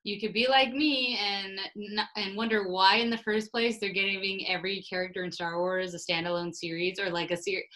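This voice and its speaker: A woman's voice: medium pitch, steady tone, a bit bright, rough recording. A woman co-hosting a casual podcast chat, upbeat and giggly. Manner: upbeat, giggly, quick asides. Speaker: podcast co-host.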